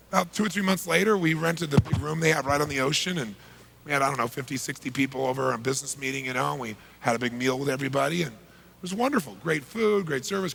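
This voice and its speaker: A middle-aged man, a motivational speaker, telling a story emphatically, swinging from loud bursts to hushed lines. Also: fairly high pitch, creaky, a little hiss or hum.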